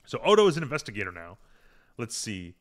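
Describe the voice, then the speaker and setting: A man's voice: mid-range voice, sing-song, quick pace. A man hosting a podcast, recapping a TV episode in casual chat, rambling and humming filler as he retells scenes. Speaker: podcast host.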